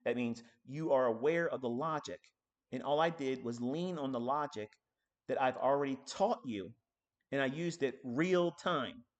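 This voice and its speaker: A man teaching trading on a live stream, ranting in a profane, combative way, swinging between loud outbursts and low muttering. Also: normal speed, lo-fi sound.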